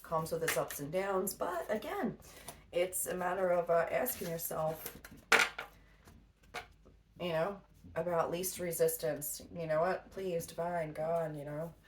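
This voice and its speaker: Woman tarot reader, low voice, blunt and profane, laughs easily; distant mic, faint noise. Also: a little slow, pauses often. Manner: blunt, swears freely, laughs a lot. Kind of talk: casual spiritual pep talk.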